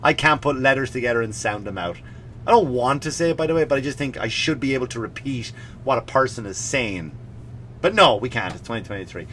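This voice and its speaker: A man's voice: medium pitch, very animated, fairly quick, a bit bright, a little hiss or hum. A male comedian hosting his podcast, ranting with sarcastic, mock-serious asides. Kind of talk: comedic rant.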